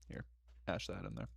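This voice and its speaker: A man's voice: dry recording, clean studio sound. A man hosting a live stream, ranting casually with lots of swearing. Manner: profane, animated, ranting. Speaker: streamer host.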